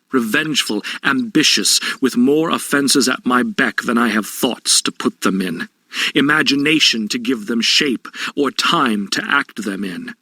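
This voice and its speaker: Hamlet, a bitter brooding prince. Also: male voice, mid-range voice, sharp tone, no echo. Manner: declamatory, scornful. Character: brooding bitter young prince, self-loathing. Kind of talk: classical stage acting.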